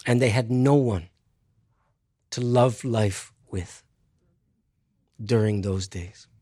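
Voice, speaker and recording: A man's voice: fairly low pitch, warm tone, no echo, clean studio sound. Wry, digressive man telling a story. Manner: wry, digressive, deliberate with pauses. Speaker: speaker answering an audience question. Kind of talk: reflective storytelling talk.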